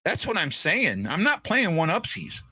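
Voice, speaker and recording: A man hosts his own show in an earnest, unscripted monologue, and his voice comes across bright and tense. He stumbles through restarts and repeats his words while he holds back tears. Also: sits high, huge pitch swings, moderate pace, slightly rough. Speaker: podcast host.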